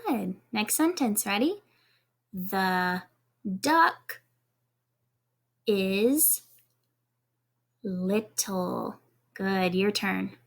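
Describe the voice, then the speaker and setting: A woman teaching kindergarten in a video lesson, encouraging and clear, spelling out letters one at a time for young children. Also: medium pitch, extremely slow, long pauses.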